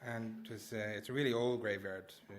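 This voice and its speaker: A man's voice: fairly low pitch, fairly even intonation, fast. A man performing a comic personal story at a live story slam, rambling and self-mocking, laughing through his lines. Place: small live venue indoors.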